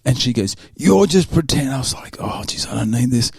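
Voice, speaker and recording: A man's voice: mid-range voice, steady tone, fast, vocal fry, husky, dry recording, clean studio sound. An Australian man hosting a podcast, telling a story in casual chat with many restarts. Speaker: podcast host.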